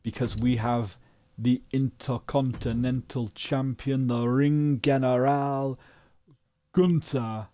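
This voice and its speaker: Male streamer, unhurried and easygoing, warm low voice, excitable joking commentary. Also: a little hiss or hum. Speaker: gaming streamer. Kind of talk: casual live-stream commentary.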